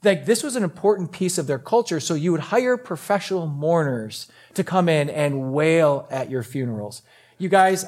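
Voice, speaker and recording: A man's voice: on the high side, a little mellow. A man preaching a sermon, telling the story in a casual, conversational way and acting out the voices of the people in it. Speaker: pastor.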